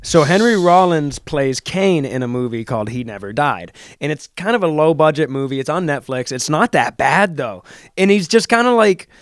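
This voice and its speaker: A man's voice: fairly high pitch, expressive, moderate pace, no echo. A young man co-hosting a podcast, telling rambling, profane stories in casual chat. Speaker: podcast co-host.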